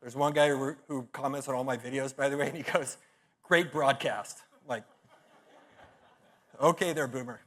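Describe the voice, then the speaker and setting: Energetic middle-aged man giving a talk. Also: mid-range voice, moderate pace, long pauses. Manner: punchy storytelling with blunt, profane humor. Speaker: conference speaker.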